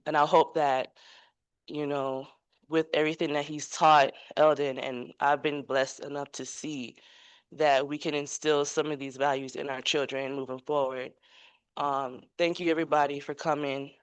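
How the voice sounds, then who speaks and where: A woman speaks at a memorial service in a smooth, clear voice that stays fairly flat. She hesitates often with "um," and the sound is dry and close. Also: sits low, measured pace, no echo. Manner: soft-spoken, hesitant, with many "um"s. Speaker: son's fiancée giving a eulogy. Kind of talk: memorial eulogy.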